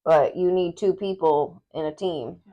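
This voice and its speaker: A woman co-hosting a casual podcast, telling stories in an animated way and laughing often. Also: lowish voice, unhurried, highs cut off. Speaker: podcast co-host. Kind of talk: casual chat.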